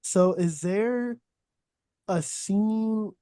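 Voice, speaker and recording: A man's voice: high-pitched, very slow, warm tone, clean tone, no echo. Laid-back young man, dry close sound. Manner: laid-back, loose, lots of fillers. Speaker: podcast host. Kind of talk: casual chat.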